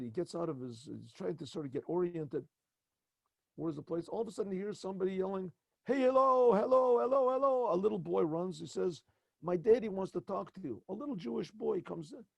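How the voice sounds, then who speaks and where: Rabbi, storyteller; fairly high, raspy voice, animated and halting delivery. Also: male voice, dry recording. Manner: animated, with many stumbles and repeated words. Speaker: rabbi teaching at a yeshiva.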